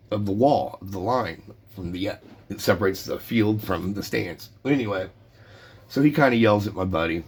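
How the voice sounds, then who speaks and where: Rambling low-voiced man telling a story. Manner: rambling, many fillers and restarts. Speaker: card collector vlogger. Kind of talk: casual storytelling.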